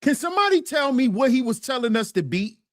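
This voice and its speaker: A woman streamer giving a ranting commentary, animated and mocking, repeating her points and laughing through them. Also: high-pitched, fast talker, dry recording, clean studio sound.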